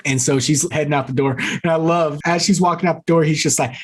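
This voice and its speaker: A man's voice: on the high side, a little fast, hardly any pauses, husky. A man co-hosting a movie podcast, recapping plot scenes and acting out the characters' lines. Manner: animated storyteller acting out quoted lines. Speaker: podcast co-host.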